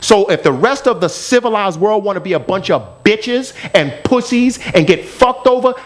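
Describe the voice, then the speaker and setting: Male podcast co-host from the US, fiery profane ranter, high and lively delivery. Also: moderate pace. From United States. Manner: angry, profane, emphatic ranting. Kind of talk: heated podcast rant.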